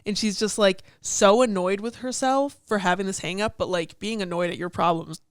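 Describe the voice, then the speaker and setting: Young woman, twenties, podcast co-host; smooth, clear voice, chatty, heavy on "like", dry close sound. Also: mid-range voice, normal speed, no room sound. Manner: chatty, fond of "like", swears casually. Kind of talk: casual chat about song lyrics.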